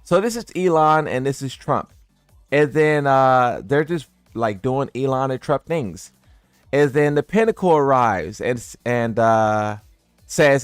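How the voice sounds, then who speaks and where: A man's voice: fairly high pitch, animated, unhurried, dry recording, soft background music. A man doing casual commentary for his viewers. He sounds incredulous and teasing, and he laughs at what he reads. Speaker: gaming content creator.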